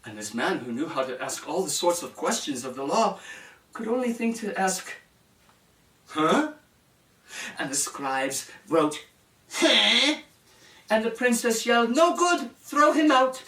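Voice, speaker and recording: A man's voice: fairly high pitch, moderate pace. A man telling a fairy tale to children, acting out the characters and speaking to his listeners as he goes. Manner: animated, shifting into character voices and addressing the audience. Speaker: storyteller. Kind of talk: storytelling for children. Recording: roomy sound from a distance.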